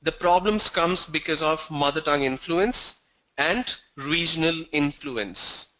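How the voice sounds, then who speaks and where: A man's voice: fairly high pitch, measured pace, pushed and bright, poor audio. A man teaching an online English class over a video call, quizzing students and joking with them. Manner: asks the class questions, teasing and joking. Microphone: video call mic.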